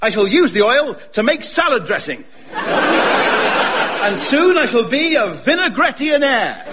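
A man playing a cheerful, dim-witted young gentleman full of daft schemes, talking eagerly. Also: very high voice, sing-song, a little slow, dull audio, heavy background noise, full character voice. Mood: excited. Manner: eager, chirpy, posh.

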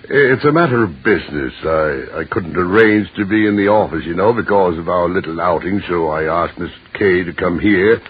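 An actor playing a pompous, blustering lord who sputters and stammers, in an old radio play. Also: male voice, low-pitched, moderate pace, hardly any pauses, breathy edge. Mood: flustered. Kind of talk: 1930s radio drama acting. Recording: muffled old radio recording.

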